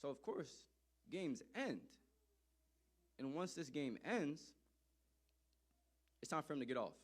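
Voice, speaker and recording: A man telling a personal story to an audience in an animated, emphatic way, often repeating phrases for effect. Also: on the high side, slow pace.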